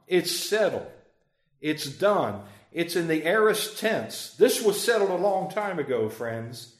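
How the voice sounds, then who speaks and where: A man leading a Bible study, emphatic, slowing down to stress key phrases, chuckling often and putting questions to the group. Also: fairly high pitch, lively intonation, echoey room. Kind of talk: interactive Bible study teaching.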